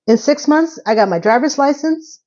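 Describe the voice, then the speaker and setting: A woman's voice: high-pitched, moderate pace. Candid New woman with dull sound. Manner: candid, animated storyteller who swears. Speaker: TV recap host. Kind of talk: casual show recap.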